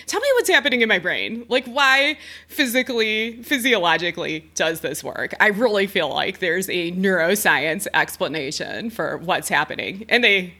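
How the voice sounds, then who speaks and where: This podcast host and breathwork facilitator, a young adult woman, chats her way through a personal story, laughing a lot and peppering her speech with "like." Her medium-pitched voice sounds bright and forceful.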